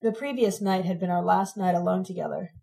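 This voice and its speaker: A woman reading a novel aloud as its narrator, in a measured, expressive way. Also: lowish voice, vocal fry, low-quality recording. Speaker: audiobook narrator.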